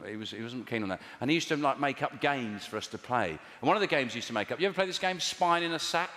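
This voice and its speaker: A man doing stand-up comedy, telling rambling, deadpan stories and bantering with the crowd in a live venue. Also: mid-range voice, quick pace. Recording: echoey live venue, loud audience.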